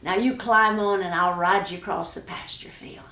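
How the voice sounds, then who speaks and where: A woman voicing a tired old horse with a sore back in a storybook tale, with a quiet, homespun drawl. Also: medium pitch, moderate pace, recorded from a distance, natural voice. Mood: relieved. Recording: roomy echo.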